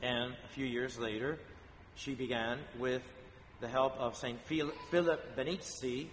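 Priest preaching in a reverberant church. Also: male voice, medium pitch, fairly even intonation. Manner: slow, measured storytelling with frequent pauses and fillers. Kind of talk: homily on a saint's feast day. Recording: long church reverb, faint background noise.

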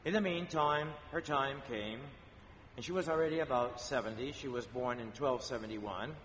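A male priest telling a saint's story in a homily, slow and measured, with pauses and fillers. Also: mid-range voice, a bit bright. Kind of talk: homily on a saint's feast day. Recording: long church reverb, faint background noise.

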